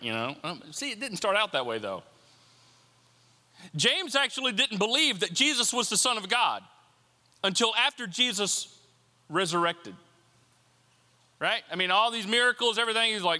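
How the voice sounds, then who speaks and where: Animated, bright-voiced male preacher. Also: high voice, moderate pace, pauses often, in a large hall. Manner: animated, conversational preaching with acted-out asides. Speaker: pastor. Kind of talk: sermon.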